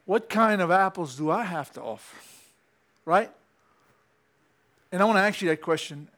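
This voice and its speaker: A male preacher, giving an animated sermon in church that climbs to excited peaks. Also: high-pitched, moderate pace.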